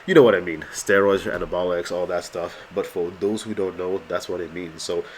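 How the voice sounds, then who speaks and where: A man's voice: deep voice, fairly even intonation, fairly quick, a little hiss or hum. A man from Canada with a cold and a congested voice, giving rambling casual voice-over commentary full of fillers. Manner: rambling, many fillers like "you know". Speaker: bodybuilder vlogger.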